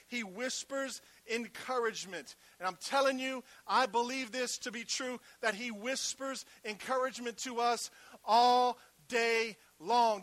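A male pastor preaching a sermon, shifting between loud emphatic calls and hushed, near-whispered passages, with conversational call-and-response asides to the congregation. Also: extremely high pitch, no room sound.

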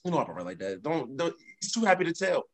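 A man's voice: a little high, very animated, quick pace. A young man hosting a casual podcast, talking animatedly with theatrical protests and indignation. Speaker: podcast host.

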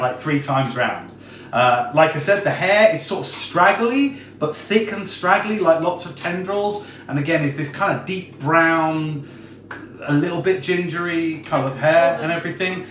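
A man's voice: fairly high pitch, normal speed, a bit bright, slight background noise. A man running a tabletop game as game master, describing scenes unhurriedly with many fillers. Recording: roomy echo, distant mic.

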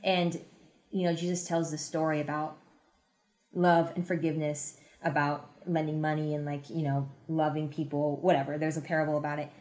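A woman's voice: sits low, level tone, moderate pace, a little mellow. A young engaged woman, a guest on a friend's faith podcast, retelling Bible stories in an earnest, chatty way. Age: young adult. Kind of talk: casual faith chat.

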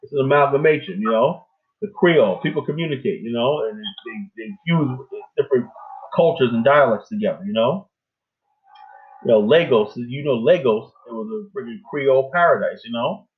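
A man's voice: medium pitch, lively intonation, a little fast. A man hosting a casual talk show, chatting loosely and often tagging his points with "you know what I'm saying". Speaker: host. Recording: phone-like narrow audio.

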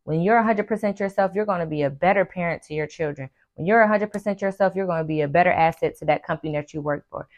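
Speaking directly to her listeners, a podcast host and life coach with a lowish voice delivers a casual motivational monologue, preaching emphatically and returning to the same phrases repeatedly. She occasionally acts out her friends' lines in quick impressions, and the recording has its highs cut off.

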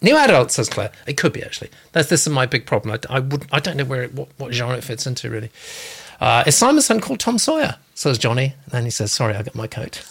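Man, host, gravelly, bright, hesitant, reading comments aloud. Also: medium pitch, very animated, quick pace, slight background noise. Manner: hesitant, lots of uh and um. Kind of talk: casual live chat.

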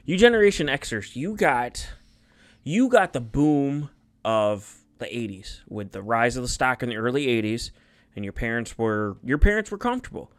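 A young man in the middle of a loose podcast chat. His voice sits at an ordinary pitch, and he rambles freely, swearing a lot and breaking off sentences to restart them. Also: expressive, normal speed. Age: young adult. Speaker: podcast co-host. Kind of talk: casual chat.

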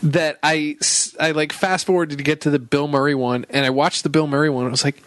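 A man's voice: on the high side, fairly even intonation, fairly quick, a bit bright, dry recording. A man co-hosting a comedy podcast, rambling through stories in casual chat with lots of "um"s. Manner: rambling, trailing off with "um"s. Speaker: podcast co-host.

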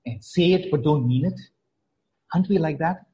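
A man delivering a sermon with a fairly high but warm, mellow voice. He preaches earnestly, leaning on repeated phrases and dropping soft before building back up with emphasis. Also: normal speed, muffled recording.

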